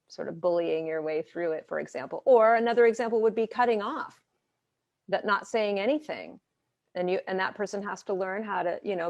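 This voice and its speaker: Woman, therapist, lowish gravelly voice, animated, interview answers, dry sound. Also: no room sound. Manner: animated, talks through examples and quoted dialogue. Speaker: therapist and coach.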